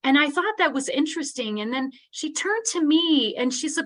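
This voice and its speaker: A woman's voice: sits high, animated, normal speed, few pauses, fairly bright tone. A middle-aged woman giving an earnest, conversational keynote in a live webinar, often checking in with "right?". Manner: earnest, conversational, tag questions. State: teary-eyed. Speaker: keynote speaker.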